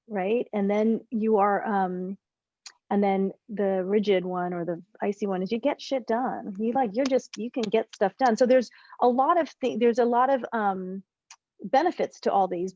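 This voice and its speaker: With no room sound and the highs cut off, the clip captures a woman relationship coach leading a video-call group session. Her mid-range voice rambles animatedly, often breaking off to restart and correct her sentences.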